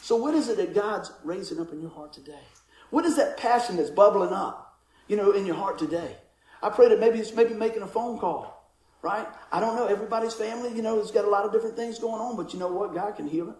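A man, a pastor, preaching a sermon with animated storytelling and acted-out voices. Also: high-pitched, a little fast, reverberant, low-quality recording.

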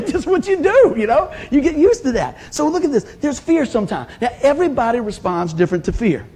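Delivering a sermon, this fifty-something man tells stories with laughter and performs the voices of those he quotes. His voice is very high and slightly rough, and his pace is fairly quick.

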